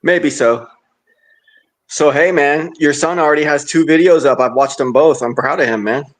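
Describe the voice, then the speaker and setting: A man's voice: a little high, moderate pace. A man joining a livestream as a guest, chatting in a laid-back, joking way. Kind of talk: casual livestream chat.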